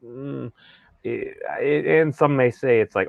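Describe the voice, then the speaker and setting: A man's voice: medium pitch, slow pace, creaky, dry recording. An American man hosting a casual podcast chat, rambling with restarts and wry asides. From United States. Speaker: podcast host. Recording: dull, dry sound.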